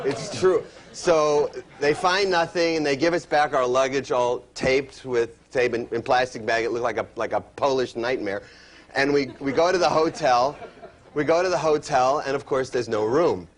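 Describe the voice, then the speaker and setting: A man doing a stand-up routine on stage, teasing the crowd, then chatting with the host. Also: medium pitch. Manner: quick, teasing banter with the crowd. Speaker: stand-up comedian. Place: stage before a live audience.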